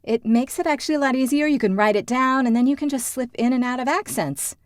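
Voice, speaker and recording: A woman's voice: sits high, quick pace, no echo. Woman coaching actors, dry close sound. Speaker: acting and dialect coach. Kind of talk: instructional talk to camera.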